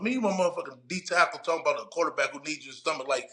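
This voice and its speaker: Man, forties, bright voice, animated, profane, emphatic storyteller, casual podcast chat. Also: on the high side, very fast, few pauses. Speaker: podcast guest, former player and coach.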